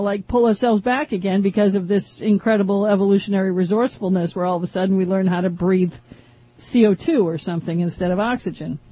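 A woman's voice: medium pitch, breathy edge, no echo. Chatty talk radio host, woman from Maine. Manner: chatty, joking, quick asides and laughs. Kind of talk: casual talk radio banter. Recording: dull, slightly lo-fi radio broadcast.

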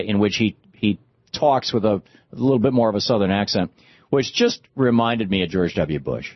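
A man's voice: lowish voice, no echo, dull audio. A man hosting a talk show, chatting about politics in a rambling, conversational way with many fillers and restarts. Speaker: talk radio host. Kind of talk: casual political commentary.

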